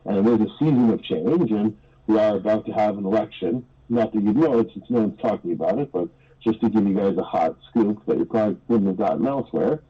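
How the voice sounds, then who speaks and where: On a radio talk show, a man appears as an economist guest and explains things earnestly and articulately in a fairly low, husky voice at a quick pace. The commentary comes through as dull, lo-fi radio audio.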